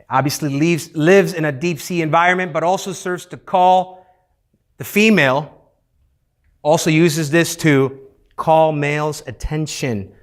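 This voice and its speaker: A man leading youth group teaching in a playful, interactive way, having the room repeat key words. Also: on the high side.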